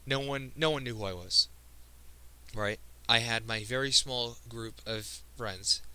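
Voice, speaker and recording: A rough recording carries this teen's medium-pitched voice, which is sharp, clear, and resonant. He is a video creator giving an emotional, earnest vlog monologue, tripping over words and repeatedly stopping to begin anew.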